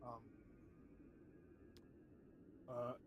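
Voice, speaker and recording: A man's voice: very slow, dull audio, slight background noise. A man running a tabletop game as game master, narrating casually with lots of fillers and frequent laughter.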